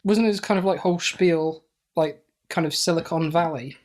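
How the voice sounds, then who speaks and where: A man's voice: a little high, normal speed, darkish tone. Hesitant man chatting. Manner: hesitant, giggly, lots of fillers. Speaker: podcast co-host. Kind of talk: casual banter.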